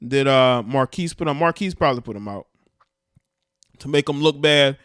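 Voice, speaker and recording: A man's voice: mid-range voice, animated, moderate pace, fairly bright tone, smooth, no room sound, studio quality. A man co-hosting a casual livestream, explaining things and talking straight to his viewers. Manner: chatty, explains and addresses viewers directly. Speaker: livestream co-host.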